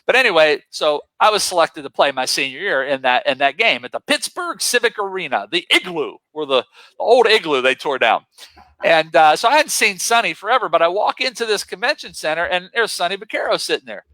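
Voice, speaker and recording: A man from western Pennsylvania, a guest motivational speaker, telling stories with excitable, punchy emphasis. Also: high voice, a little fast, no room sound, rough recording. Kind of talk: energetic storytelling.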